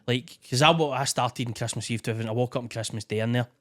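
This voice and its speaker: Fast-talking sweary Scottish man. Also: medium pitch, a bit bright. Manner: blunt, sweary, emotional storytelling. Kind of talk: casual podcast conversation.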